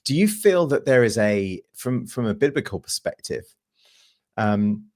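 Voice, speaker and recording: A man hosting an interview, asking thoughtful, halting questions. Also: medium pitch, expressive, a little mellow. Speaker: interview host.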